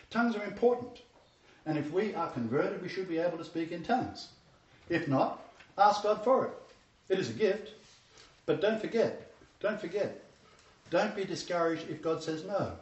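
A man preaching a sermon, telling stories earnestly and repeating key phrases for emphasis. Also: fairly high pitch. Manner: earnest, storytelling, emphatic repetition. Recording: echoey room, distant mic, dull lo-fi sound.

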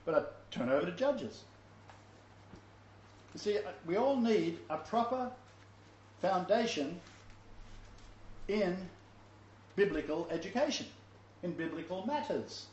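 A man's voice: sits high, animated, slow pace, pauses often, a little mellow, slight background noise. A man giving an informal Bible-study sermon, reading verses aloud and commenting, chuckling at his own asides. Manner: reads scripture aloud, then comments. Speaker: Bible teacher. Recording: roomy, dull lo-fi recording.

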